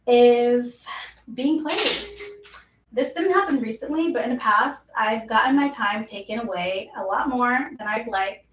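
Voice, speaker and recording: A woman's voice: on the high side, reverberant, recorded from a distance, poor audio. A young woman live streaming about self-help, talking casually with lots of "like" fillers. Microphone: mic set in front of her.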